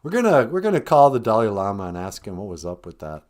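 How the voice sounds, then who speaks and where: A man's voice: on the low side, very animated, fast, darkish tone. A man hosting a casual livestream chat, rambling through dry joking asides. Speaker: show host, cartoonist.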